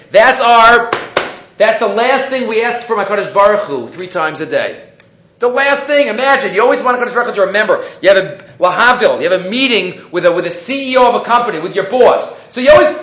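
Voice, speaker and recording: A man's voice: high voice, animated, moderate pace, fairly bright tone. A man teaching a Torah class, quoting Hebrew texts, translating them, and often restarting his sentences. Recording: echoey, dull lo-fi room recording.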